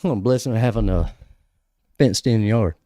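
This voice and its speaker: A man's voice: fairly low pitch, brisk, mellow, no echo, clean studio sound. A man hosting a casual livestream, reading scripture aloud and chatting with viewers. He talks in a chatty, easily distracted way and laughs at himself. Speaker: host reading scripture to a live chat.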